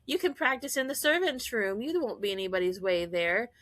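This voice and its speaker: Woman doing a pompous older aristocrat lady, haughty, a bit higher and bright. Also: big pitch swings, a little fast, dry recording. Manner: haughty, self-important.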